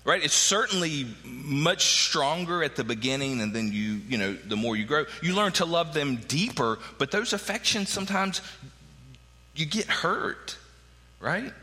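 A man in his forties preaches a sermon in a casual, conversational way, checking in with the congregation as he goes. His voice is bright and lively, rising and falling a lot, and it rings out with a long reverb through the sanctuary. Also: fairly high pitch, a little slow. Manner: conversational preaching with frequent "right?" asides. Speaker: pastor.

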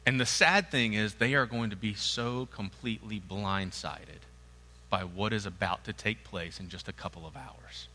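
A man's voice: lowish voice, moderate pace, bright, forceful tone. A man preaching a sermon in an earnest, emphatic and conversational way. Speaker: pastor. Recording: long hall reverb.

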